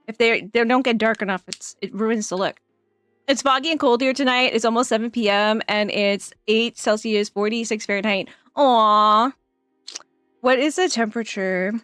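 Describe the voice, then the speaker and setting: A woman's voice: fairly high pitch, moderate pace, a bit bright, clean tone, no echo, studio quality, soft background music. A woman streamer chatting casually on a live stream, giggling often and rambling through plenty of fillers.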